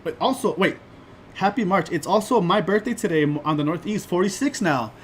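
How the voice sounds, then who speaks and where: A man's voice: sits high, animated, brisk, noisy background. An upbeat man co-hosting a livestream chat, greeting viewers and teasing his co-host. His voice is fairly light for a man, and a faint room ambience hums underneath.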